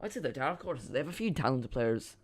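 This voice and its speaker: A man's voice: mid-range voice, sing-song, brisk, slightly rough. A man hosting a live football watchalong stream, chatting casually and rambling as he reacts to the chat and the match.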